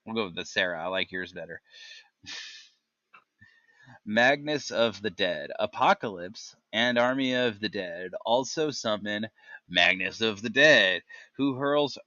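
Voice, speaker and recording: A man's voice: fairly low pitch, expressive, sharp tone, no room sound, muffled recording. A man hosting a casual gaming chat, reading talent descriptions aloud and stumbling over the odd name. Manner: reads tooltips haltingly, stumbles on names. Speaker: gaming podcast host.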